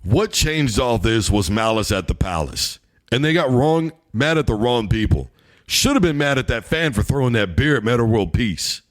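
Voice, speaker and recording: Male sports opinion host, heated and emphatic, very lively intonation. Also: mid-range voice, normal speed. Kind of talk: opinionated sports commentary monologue.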